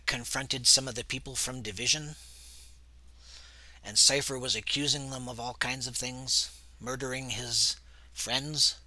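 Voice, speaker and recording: A man narrating a tabletop role-playing game as game master in a relaxed, hesitant way. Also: mid-range voice, no room sound.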